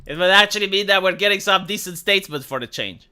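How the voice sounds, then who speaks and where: A young man hosting a livestream, ranting casually with lots of swearing and big swings in pitch. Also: fast, bright, forceful tone, clear, resonant tone. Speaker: livestream host.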